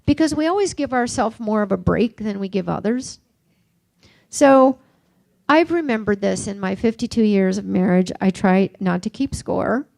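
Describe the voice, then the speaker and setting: An older woman giving a reflective recovery workshop talk, mixing gentle questions with personal stories. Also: medium pitch, expressive, normal speed, creaky, no echo. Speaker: workshop speaker.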